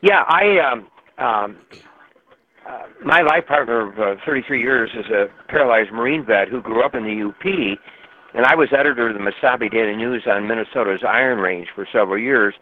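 Rambling caller on a tinny phone line. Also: male voice, mid-range voice, a little fast. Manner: rambling, hesitant with many fillers. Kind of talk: phone-in call.

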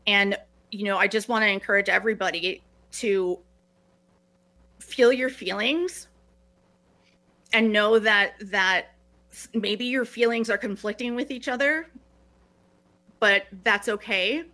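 Guest, female, middle-aged, bright forceful voice, earnest, many restarts. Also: medium pitch, unhurried, pauses often. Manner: earnest, restarting phrases often. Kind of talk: reflective podcast conversation.

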